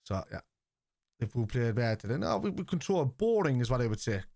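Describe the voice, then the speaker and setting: An Irish man in his forties hosts a live football watchalong, answering his chat in a combative, lecturing manner. His voice sits at an ordinary middle pitch. The recording is dry, with almost no room sound. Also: sing-song, a little fast, vocal fry, dark tone, no room sound. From Ireland. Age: 40s. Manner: argumentative, lecturing. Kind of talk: live stream chat reply.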